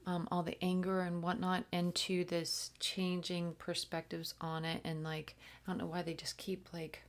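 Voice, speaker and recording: A woman giving a channeled spiritual reading, slipping between plain talk and a flowing chant of invented syllables, soft-spoken and often falling to a whisper, halting with many fillers. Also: on the low side, little pitch movement.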